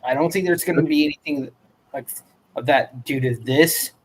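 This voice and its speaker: A man's voice: fairly high pitch, moderate pace, breathy edge. A man on a livestream panel, easygoing and rambling as he retells a story. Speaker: panel guest. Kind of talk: casual stream chat.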